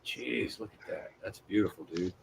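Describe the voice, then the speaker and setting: A man chatting casually on a live stream, relaxed and easily impressed. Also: lowish voice, moderate pace, creaky, breathy edge.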